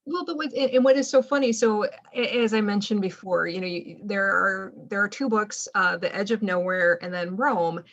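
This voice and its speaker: A woman hosting a casual interview who often restarts her questions and fills pauses with "you know.". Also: medium pitch, highs cut off. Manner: hesitant, restarts questions with fillers. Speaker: interviewer host.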